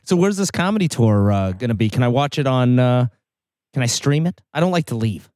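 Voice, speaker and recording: A man's voice: mid-range voice, lively intonation, a little fast, a little mellow. A man co-hosting a podcast in casual chat, teasing and playful. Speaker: podcast co-host.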